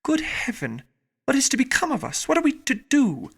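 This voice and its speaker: A man's voice: medium pitch, big pitch swings, moderate pace, bright, forceful tone. A male narrator voicing distraught teenage girls who cry out in despair. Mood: wailing.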